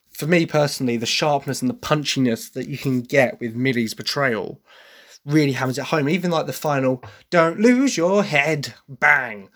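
An Englishman talks at length about a musical he loves. He rambles, restarts his sentences and keeps adding apologetic asides. His voice sits in a plain middle pitch. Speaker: podcast host reviewing a musical. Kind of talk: casual opinion monologue.

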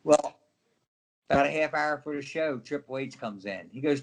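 A middle-aged man tells stories in a relaxed interview, with a voice pitched a little high. He is animated and slips into other people's voices as he goes. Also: moderate pace, vocal fry. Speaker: guest, former wrestler. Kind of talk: casual storytelling interview.

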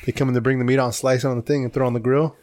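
A man co-hosting a podcast, chatting in a relaxed, easygoing way. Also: mid-range voice, very fast, very noisy. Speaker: podcast co-host. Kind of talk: casual chat.

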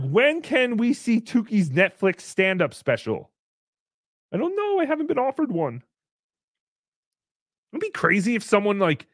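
A man's voice: sits high, vocal fry, a bit bright, dry recording, clean studio sound, exaggerated voice. A man voicing a brash, foul-mouthed puppet who hosts a live-stream show, reading paid messages with crude, sarcastic asides. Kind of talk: live-stream character chat.

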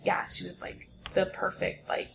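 A woman from Kansas co-hosting a podcast in casual chat, giggly and animated. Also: measured pace, echoey room, background noise. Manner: giggly, animated, picks up accents. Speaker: podcast co-host.

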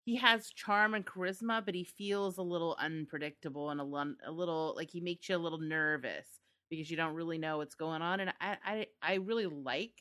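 A woman co-hosting a podcast in a slightly low but bright, forceful voice. She talks in an easygoing way, loose and full of filler words. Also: a little fast, few pauses. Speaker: podcast co-host. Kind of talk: casual chat about a TV adaptation.

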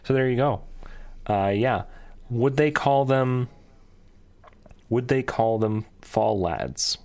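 A man's voice: mid-range voice, animated, slow, a little mellow. A man co-hosting a podcast in casual chat, rambling and laughing often. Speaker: podcast co-host.

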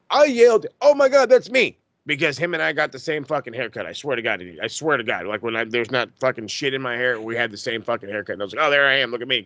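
A man's voice: mid-range voice, pushed and bright, dry recording. Profane, fired-up podcast host man. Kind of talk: casual wrestling podcast rant.

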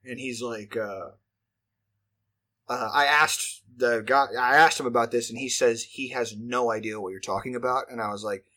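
A man's voice: medium pitch, fairly even intonation, moderate pace, sharp tone. A man, telling a profane, rambling story in casual chat. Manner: profane, rambling, filler-heavy delivery.

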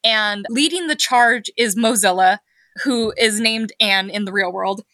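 Casual guest, woman, crisp dry sound, animated storyteller. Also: medium pitch, unhurried, no room sound. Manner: animated, acts out quotes with laughter.

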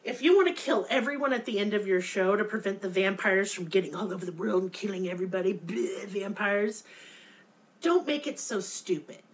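A woman's voice: mid-range voice, a little fast, poor audio. A young woman co-hosting a podcast, chatting casually and ranting sarcastically with lots of swearing. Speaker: podcast co-host. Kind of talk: casual chat.

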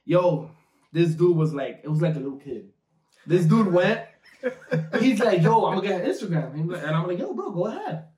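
A man's voice: sits high, very animated, normal speed, a little mellow, distant mic. A man telling a wild night-out story in casual chat, laughing and acting out his friends' lines. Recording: roomy and a bit off-mic.

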